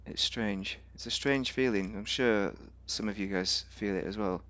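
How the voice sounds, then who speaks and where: A man's voice: lowish voice, normal speed, fairly bright tone. A man giving rambling, casual commentary on a game, thinking aloud with fillers and restarts. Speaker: game reviewer.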